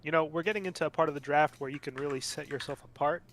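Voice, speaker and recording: A man's voice: a little high, racing, a bit bright. A man co-hosting a casual online draft stream, joking and bantering with the others. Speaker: stream co-host. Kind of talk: casual live chat.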